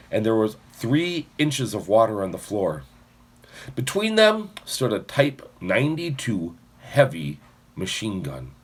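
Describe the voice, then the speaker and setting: Brief: male audiobook narrator, husky lowish voice, lively pitch. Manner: expressive, shifting voices for characters.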